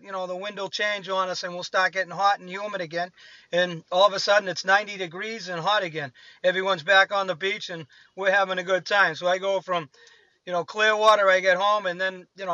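A man's voice: high-pitched, fairly even intonation, a little fast, sharp tone, no room sound, muffled recording. A man in his fifties with a Boston accent, calling in to a radio show and chatting in a rambling, friendly way. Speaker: radio caller. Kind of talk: casual call-in chat.

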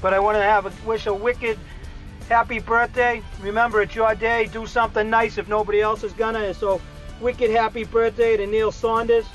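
Middle-aged Boston man, chatty and rambling, fills gaps with "uh" and restarts; high, flat delivery. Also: normal speed, faint music behind, poor audio. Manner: rambling, many fillers and restarts. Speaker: regular segment contributor. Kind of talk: casual phoned-in update.

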